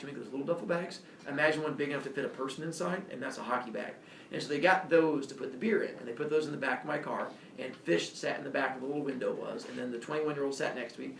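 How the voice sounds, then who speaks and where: Animated young man telling a story. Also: medium pitch, vocal fry, a little hiss or hum. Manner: animated, acts out quoted voices. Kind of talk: casual anecdote. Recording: echoey room from far off, faint ambience.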